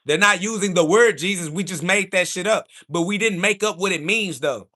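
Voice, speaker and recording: Speaking in a high voice at a moderate pace, a man running a livestream answers his chat with a confrontational sermon. He keeps insulting critics, now and then rising to a shout when heated.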